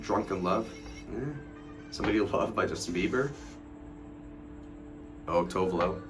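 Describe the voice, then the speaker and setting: Over music, a man in his twenties talks on a late-night livestream in a low, steady, unhurried voice. He rambles, swears, and mocks people as he tells stories, reading chat messages aloud and answering them.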